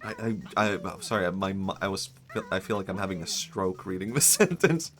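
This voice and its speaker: A man's voice: deep voice, animated, fairly quick, a bit bright, soft background music. Man chatting on a live stream. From Sweden. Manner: rambling, self-amused, reacts to chat. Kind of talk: casual live-stream chat.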